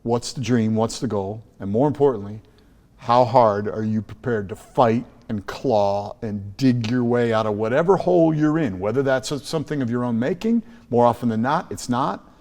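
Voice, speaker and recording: A Chicago man with an American accent, a school trust leader appearing as a podcast guest, tells stories emphatically, often restarting and repeating words. His mid-range voice is a little mellow and moderately paced, heard in a large hall.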